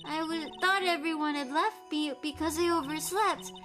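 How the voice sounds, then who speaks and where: A woman's voice: high-pitched, normal speed, pitched above the performer's own voice, lightly acted. A woman voicing an earnest, timid little girl while reading game dialogue aloud, in a small, sincere, childlike delivery. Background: lofi background music.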